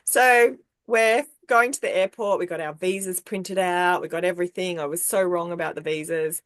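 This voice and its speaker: A woman recounts a story in casual podcast chat, her lowish voice leaping up whenever she acts out someone else. The recording is dry and close, with no room sound. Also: normal speed, no echo. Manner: animated, acts out quoted people with big pitch jumps. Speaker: podcast co-host.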